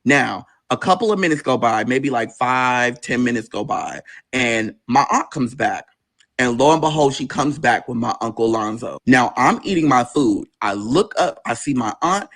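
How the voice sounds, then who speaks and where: A man guest telling an emotional personal story, intense and swearing as it builds. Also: a bit bright. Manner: intense, swearing, rising pitch in tense moments.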